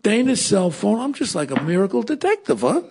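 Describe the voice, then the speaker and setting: High gravelly older man telling stories. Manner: excitable, rapid storyteller with frequent repeats. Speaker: podcast co-host. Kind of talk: casual storytelling chat.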